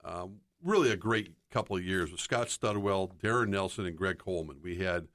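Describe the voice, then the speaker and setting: An older sports broadcaster talks in a somewhat low voice. He tells rambling anecdotes in casual chat and slips into other people's voices for quotes. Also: expressive, normal speed, fairly bright tone. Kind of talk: casual storytelling.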